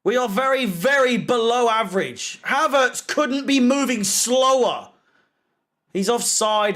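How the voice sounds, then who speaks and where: A high, bright-toned man commenting on a football match as it plays out live. He drawls his remarks slowly, heavy with sarcasm and swearing, and bursts out in frustration at the players. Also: expressive. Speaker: fan channel host watching a match.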